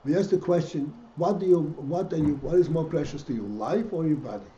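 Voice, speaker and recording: Teaching a Hasidic text class, this rabbi speaks briskly in a dark-toned male voice on the high side. His delivery keeps stopping and restarting, with rhetorical questions to the class, and the room sounds dull and echoey with faint noise.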